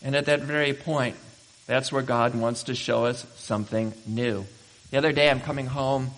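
A man preaching a sermon as pastor, emphatic and building to loud exhortation. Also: mid-range voice, fairly even intonation, moderate pace. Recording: reverberant hall.

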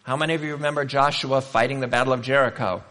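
A man's voice: medium pitch, steady tone, fast talker, pushed and bright, in a large hall. A male pastor preaching a sermon, telling stories in a conversational way and asking the congregation rhetorical questions.

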